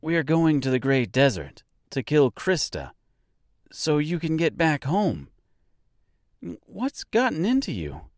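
A friendly straw scarecrow, voiced by a man, talking in a raised, lively, cheerful tone. His lines are spoken slowly and sound dry and close, as in a storybook reading. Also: on the high side, no room sound, voice pushed up. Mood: puzzled. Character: friendly male scarecrow companion, easygoing.

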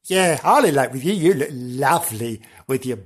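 A man's voice: medium pitch, expressive, normal speed, slightly rough. A man voicing a giddy young princess who gushes in a sing-song way. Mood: gushing.

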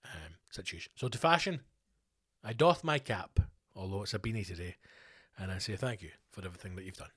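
A Scottish man hosting a solo podcast, chatting casually in a sweary, animated and ranting way. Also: sits low, a little fast, husky. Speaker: podcast host. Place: home podcast studio.

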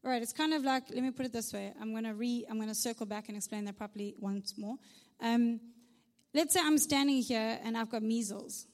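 A woman preaching in a large church hall, her somewhat high voice carrying a long reverb tail. She talks to the room in a chatty, conversational way, punctuating points with "right?" and dropping in humorous asides. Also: brisk. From South Africa. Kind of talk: conversational sermon.

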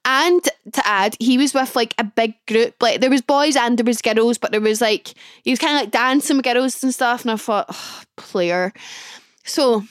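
Chatty girl in her 20s telling a story on her pod, kinda high voice, dead dry sound. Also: normal speed, smooth, no room sound. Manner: chatty, lots of "like", acts out her own thoughts. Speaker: podcast host. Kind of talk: casual storytelling monologue.

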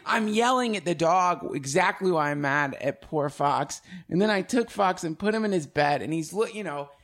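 Male podcast host, slightly higher pitch, loose and animated, swears and laughs a lot. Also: normal speed. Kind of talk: casual conversation.

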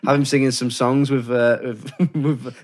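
A man's voice: mid-range voice, level tone, measured pace, a little mellow. A man co-hosting a casual film discussion podcast, rambling and self-correcting, often acting out quoted lines. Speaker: podcast co-host.

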